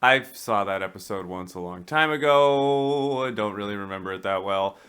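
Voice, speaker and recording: A man's voice: fairly low pitch, normal speed, fairly bright tone, smooth. A man co-hosting a podcast, joking in a laid-back way about a film. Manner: jokey, laid-back, playful. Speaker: podcast co-host. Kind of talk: casual film discussion.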